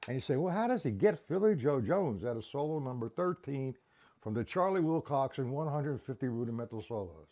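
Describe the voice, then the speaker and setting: A man's voice: medium pitch, animated, fairly quick, mellow. A man teaching a live-streamed drum lesson, counting beats aloud and checking in with viewers.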